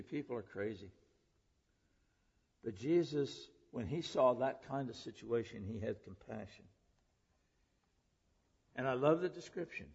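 A man with a gravelly, husky voice preaches a sermon in earnest and keeps turning to the listeners with questions. The sound is dull and lo-fi, and his words ring on with a long reverb as if in a large hall. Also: mid-range voice. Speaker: preacher and public school teacher.

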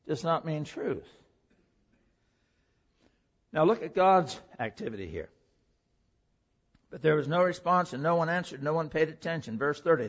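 A male pastor preaching a sermon, reading scripture aloud and explaining it with animated emphasis. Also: a little high, lo-fi sound.

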